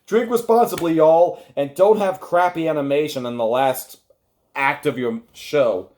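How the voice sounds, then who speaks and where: Hosting an online review, this man talks straight to his viewers in a casual, sarcastic, critical way. His voice sits on the high side with a darkish tone, and he keeps a measured pace.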